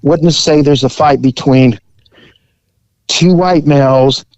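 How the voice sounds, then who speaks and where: A man's voice: on the high side, takes it slowly, darkish tone, no echo, highs cut off. A man, a police officer, telling a story in a laid-back, profane, chuckling way. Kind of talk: casual storytelling.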